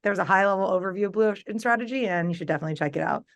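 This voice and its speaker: Woman, webinar host, quick speech, upbeat, casual and friendly. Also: mid-range voice, vocal fry.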